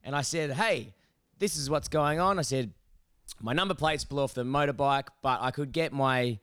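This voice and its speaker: A man's voice: medium pitch, normal speed, smooth, dry recording, studio quality. A man with an Australian accent telling a long story on a podcast, swearing freely and acting out both sides of the conversation. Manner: sweary, animated storyteller who acts out both sides of exchanges. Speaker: podcast co-host. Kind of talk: casual storytelling chat.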